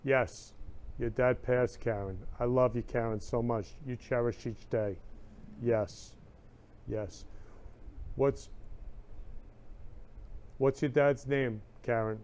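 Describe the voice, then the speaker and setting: An emotional, effusive man hosts a live-streamed talk show and reads viewer comments out loud. His voice sits in an ordinary middle pitch for a man, and he talks in a loose, heartfelt way. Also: fairly even intonation, slow, long pauses, clear, resonant tone. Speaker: show host.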